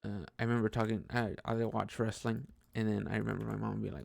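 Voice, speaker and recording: A young man talks through a rambling personal monologue with a deep gravelly fry in his voice. He restarts his sentences often and laughs as he goes. The recording is dry and close with no room sound. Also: lively intonation, fast talker, a little mellow, no room sound. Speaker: podcast host.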